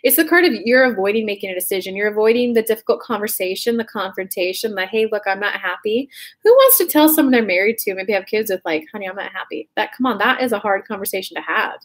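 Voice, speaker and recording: A woman's voice: mid-range voice, animated, fast talker, hardly any pauses. Chatty, frank woman tarot reader. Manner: chatty, frank, swears, many fillers. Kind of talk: casual spoken horoscope reading.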